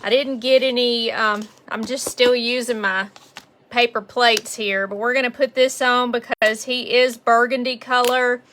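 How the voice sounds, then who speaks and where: A woman's voice: on the high side, level tone, unhurried, fairly bright tone, slight background noise. A woman with a Southern accent leading a casual live painting lesson. She chats along and greets viewers by name. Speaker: painting instructor on a livestream. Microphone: phone on a mount.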